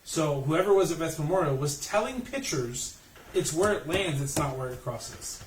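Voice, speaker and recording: A man's voice: on the high side, expressive, normal speed. A man co-hosting a podcast, arguing bluntly and with lots of swearing. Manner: blunt, profane, argumentative. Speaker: podcast co-host. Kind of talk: casual ranting chat. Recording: roomy, distant mic, faint noise.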